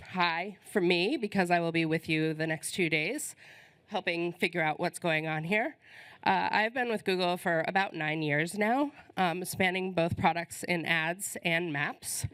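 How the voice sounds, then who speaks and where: A woman's voice: fairly low pitch, a little slow, a bit bright, clear, resonant tone. A woman hosting a conference, giving friendly, informal welcome announcements with many ums while she is losing her voice, on a stage microphone in a conference hall. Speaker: conference host.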